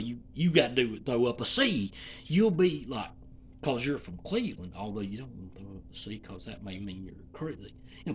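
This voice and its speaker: A man's voice: medium pitch, a bit bright, slight background noise. A man from Alabama with a Southern accent, delivering a rambling comedic monologue in a folksy, profane, meandering way.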